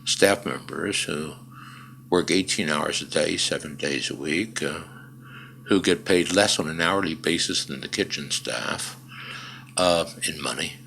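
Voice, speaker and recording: An older man, a guest in an interview, telling stories in an emphatic, conversational way with dry humor and frequent pauses and fillers. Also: very deep voice, creaky, bright, forceful tone, slight background noise. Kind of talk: conversational storytelling.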